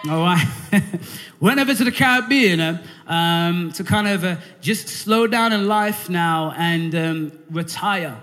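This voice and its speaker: High-voiced man preaching in a reverberant church. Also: slow pace, faint music behind. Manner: energetic call-and-response preaching; conversational, with frequent fillers and restarts. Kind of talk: sermon. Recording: hall reverb.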